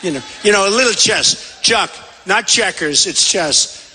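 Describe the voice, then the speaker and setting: A man gives a campaign rally speech in a rambling, conversational way, circling back and repeating himself. His voice is high for a man, bright and forceful. It rings out through a big convention hall with a long reverb. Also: lively intonation, a little slow, a little hiss or hum. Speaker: political candidate at a rally. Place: large convention center hall.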